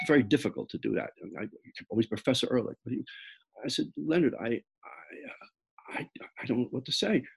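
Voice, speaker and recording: Husky older man, halting and reflective. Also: medium pitch, a bit bright. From the Bronx, New York. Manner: halting, repeats words, reflective. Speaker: author. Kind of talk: personal storytelling talk.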